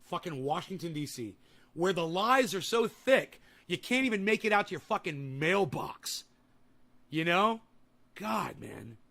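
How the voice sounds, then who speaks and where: A man's voice: high voice, very animated, a little slow, vocal fry, a bit bright. A young man hosting a livestream, reading and answering comments in a profane, combative, sarcastic rant. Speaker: livestream host. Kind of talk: ranting livestream chat.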